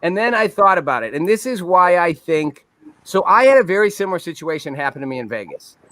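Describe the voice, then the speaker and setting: A man's voice: high voice, very animated, a bit bright, no room sound. A man hosting a panel talk show, telling a story and quizzing his guests. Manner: storytelling, rapid restarts. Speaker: host. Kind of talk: casual panel discussion.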